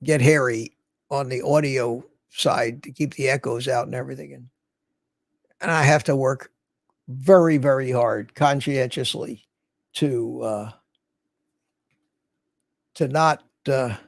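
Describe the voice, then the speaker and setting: An older man hosts a livestream, rambling through casual chat and greeting viewers by name. His medium-pitched voice is creaky and slow with long pauses, recorded on a studio mic through a mixer with no room sound.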